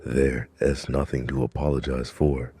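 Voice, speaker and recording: A man reading as a kindly, soft-spoken old uncle. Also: rumbling low, little pitch movement, moderate pace, husky, heavily acted. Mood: gentle. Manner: soft-spoken, warm and proud. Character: kindly older uncle, gentle and wise.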